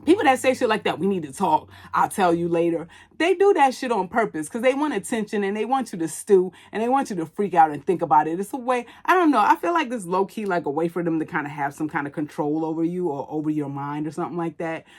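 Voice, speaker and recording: A woman's voice: fairly low pitch, expressive, fast talker, few pauses. A woman hosting a podcast, giving blunt, casual commentary full of "like" and swearing. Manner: chatty, blunt and profane, with many "like" fillers. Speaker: podcast host reviewing a movie.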